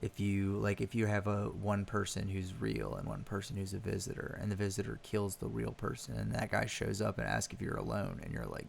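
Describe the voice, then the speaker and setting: A man's voice: on the low side, animated, fairly quick, vocal fry, hardly any pauses, a little hiss or hum. A young man giving casual let's play commentary on a horror game, joking, swearing and laughing. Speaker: gaming youtuber.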